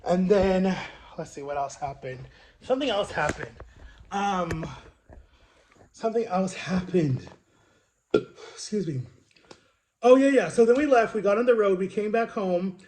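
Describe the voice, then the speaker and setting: A man's voice: high-pitched, lively intonation, measured pace, long pauses, a little mellow, a little hiss or hum. A young man in his twenties casually telling a personal story to his viewers in a chatty, rambling way, full of "like" and "right?". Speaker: vlogger.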